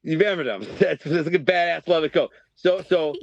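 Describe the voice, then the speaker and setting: A middle-aged man, from Detroit, telling his life story as a podcast guest in a streetwise, animated way and acting out the voices in his quotes. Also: on the high side, brisk, creaky. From Detroit, USA. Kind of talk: casual storytelling. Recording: dry, dull podcast audio.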